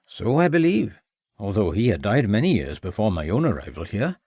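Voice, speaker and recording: A man voicing a loud older Welsh headmaster who turns cautious, in an audiobook. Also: lowish voice, very animated, husky, no room sound, clean studio sound, full character voice. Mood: guarded. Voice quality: loud, measured.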